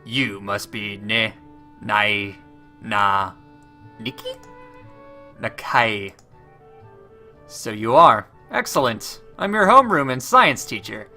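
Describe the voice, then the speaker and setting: A man reading out a hurried male science teacher from a visual novel, brisk and businesslike, stumbling over a student's name. The voice sits low and bright, close to the reader's own. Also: lively intonation, faint music behind, heavily acted.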